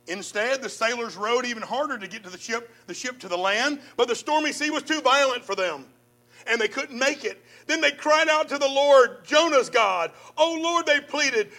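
Male pastor, very high voice, bright and forceful tone, dramatic scripture reading, talks straight to the congregation. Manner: dramatic reading, swelling and dropping in volume; addresses listeners directly.

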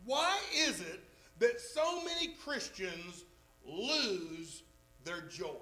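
A man's voice: high voice, very animated, bright, forceful tone, low-quality recording. A man preaching a sermon to a congregation, leaning hard on key words. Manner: emphatic, drawn-out stresses on key words.

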